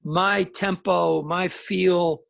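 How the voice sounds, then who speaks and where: Man, middle-aged, gravelly voice, pitched a bit high, rambling anecdotes, casual interview guest. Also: fairly even intonation, extremely slow, fairly bright tone. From northern New Jersey and Alabama. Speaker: musician guest.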